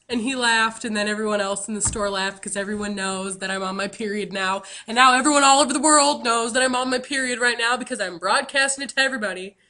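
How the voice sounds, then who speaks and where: A woman talks straight to her camera, spinning a comic story with lots of "you know" and "like." Her voice is bright and a touch high, and she pokes fun at herself as she goes. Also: fairly even intonation, fairly quick. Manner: chatty and self-mocking, many fillers. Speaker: vlogger.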